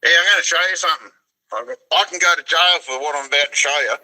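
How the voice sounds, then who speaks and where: Bright-voiced Australian man in his sixties. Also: a little high, fast talker, poor audio. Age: 60s. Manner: blunt, laconic, swears freely. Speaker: guest. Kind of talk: casual chat.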